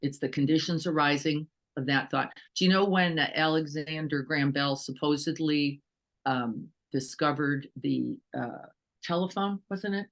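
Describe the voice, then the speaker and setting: A woman teacher giving a relaxed, conversational dharma talk. She speaks with lively energy, poses rhetorical questions to her listeners and slips into quick acted-out voices as she explains. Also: sits low. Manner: animated, asks rhetorical questions, acts out quotes. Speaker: meditation teacher.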